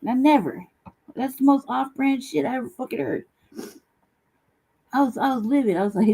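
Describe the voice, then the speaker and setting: A woman hosting her own commentary show, cursing freely and sounding fed up. Her voice is mellow and a little husky. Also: fairly high pitch, measured pace, pauses often, rough recording. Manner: blunt, profane, animated ranting with laughs. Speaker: host. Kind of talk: casual commentary vlog.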